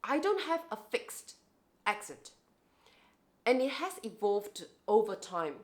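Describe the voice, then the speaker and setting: A woman's voice: medium pitch, very animated, slow. A young woman with an international English accent, shaped by years in Hong Kong, chatting reflectively to camera in a casual vlog, often restarting her sentences. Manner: chatty and reflective, with frequent restarts and rising emphasis. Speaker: vlogger.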